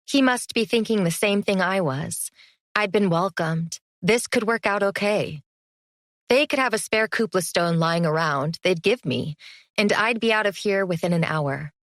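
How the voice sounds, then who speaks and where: Woman narrator for a fantasy audiobook, expressive, mid-pitched, bone-dry studio read. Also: no echo. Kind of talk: first-person audiobook narration.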